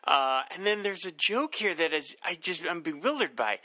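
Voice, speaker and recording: A man's voice: on the high side, lively intonation, moderate pace, few pauses, bright, forceful tone, no room sound. A man co-hosting a casual chat, wry and easily bewildered. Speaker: podcast co-host.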